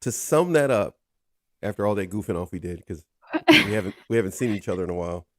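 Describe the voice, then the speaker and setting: A man hosting a relaxed podcast chat, full of teasing jokes and quick asides. He keeps nudging his guest to carry on. The sound is close and dry, with no room around it. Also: lowish voice, no room sound. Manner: joking, teasing, keeps handing over with "go ahead". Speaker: podcast host.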